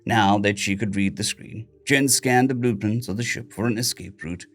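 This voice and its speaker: A man's voice: lowish voice, normal speed. A man steadily narrating a science fiction short story. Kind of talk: scripted sci-fi story narration.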